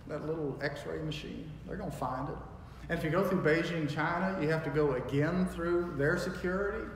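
A man's voice: on the high side, a little hiss or hum. Man preaching in an echoey hall. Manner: emphatic preaching with wide swings in loudness; folksy storytelling. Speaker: pastor. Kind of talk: sermon. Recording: echoey hall with long reverb.

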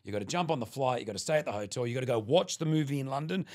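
A middle-aged Australian radio presenter, a guest on a podcast, races through animated anecdotes in a mid-range voice. In this casual storytelling chat he acts out the lines people said.

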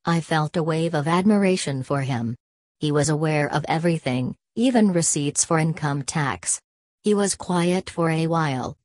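A woman reading a story aloud as an audiobook narrator, in an even, unhurried way. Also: sits low, no echo.

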